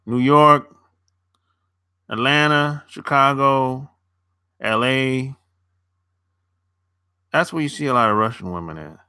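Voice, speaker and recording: A man's voice: medium pitch, slow, long pauses, pushed and bright, clean tone, dry recording, clean studio sound. A young man chatting loosely on a live stream, answering viewers as a dating coach, rambling and repeating himself with casual swearing.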